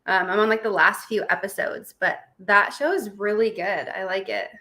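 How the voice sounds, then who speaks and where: Bright, giggly young woman chatting live. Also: medium pitch, fairly even intonation, normal speed. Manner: chatty and giggly, greets viewers by name. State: recovering from surgery. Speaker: host of a live stream. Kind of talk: casual live-stream chat, reading viewer comments.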